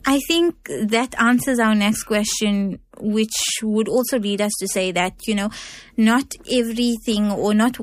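A woman hosting an interview, asking clear, prepared questions in a scripted way. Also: medium pitch, unhurried, dry recording. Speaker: interviewer host.

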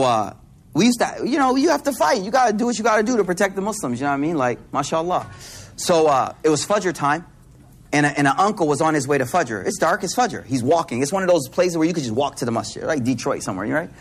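A man from Buffalo giving a casual Islamic lesson, an animated storyteller mixing slang and Arabic terms. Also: on the high side, fast talker, slightly rough. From Buffalo, New York, US. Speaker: Islamic teacher.

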